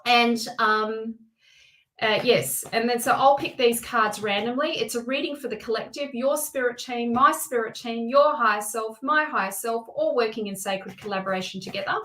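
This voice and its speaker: A woman hosting a live tarot stream, talking in a chatty, excitable way with many restarts and asides. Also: on the high side, normal speed, a little hiss or hum, low-quality recording. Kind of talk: casual live-stream chat.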